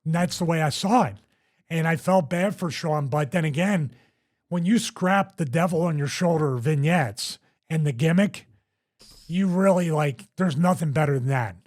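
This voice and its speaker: A man's voice: on the high side, moderate pace. A man hosting a wrestling podcast, telling backstage stories in casual chat with lots of restarts. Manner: rambling, animated storyteller with frequent restarts.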